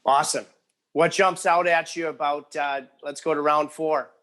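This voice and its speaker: A man's voice: fairly high pitch, fairly even intonation, normal speed, a bit bright. A man hosting a podcast, asking a guest questions in a casual, conversational way. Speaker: podcast host. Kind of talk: interview questions.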